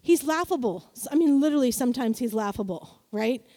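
A woman's voice: on the high side, brisk. A middle-aged woman preaching a sermon, telling stories playfully and acting out voices. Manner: animated, playful storytelling with acted-out voices. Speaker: pastor.

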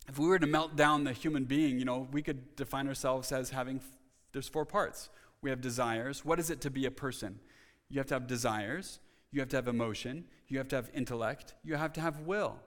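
A man's voice: medium pitch, a bit bright. A male pastor preaching a sermon in an earnest manner, often restarting his sentences and pressing hard on key points. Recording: long reverb of a church hall.

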